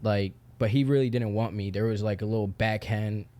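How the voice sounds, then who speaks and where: A man's voice: lowish voice, steady tone, fairly quick, warm tone. A young man speaking as a podcast guest, talking in a loose, candid way with lots of "like" and casual swearing. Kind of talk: casual chat.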